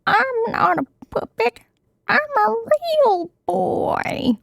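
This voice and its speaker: A woman's voice: expressive, slow, vocal fry, dry recording, studio quality, full character voice. A woman voicing a tearful little wooden puppet boy crying out for help, in a whispered role-play reading. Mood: distraught. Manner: shrill, crying out.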